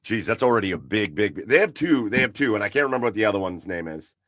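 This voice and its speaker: A man co-hosting a casual podcast from his garage, chatting in a relaxed, rambling way and gushing about beer. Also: fairly low pitch, fast, dry recording, clean studio sound. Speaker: podcast co-host. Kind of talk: casual chat. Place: home garage.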